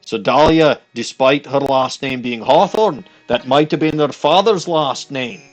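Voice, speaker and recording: A man's voice: mid-range voice, unhurried, soft background music. A man playing through a game, reading the dialogue aloud in a goofy put-on Scottish accent and commenting on the story. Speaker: let's play streamer.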